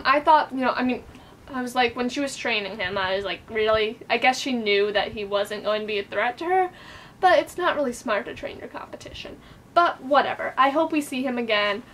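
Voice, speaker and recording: Chatty woman with a higher voice. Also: fairly bright tone, a little hiss or hum. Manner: chatty and playful, many fillers. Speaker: book reviewer. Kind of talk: casual book review vlog.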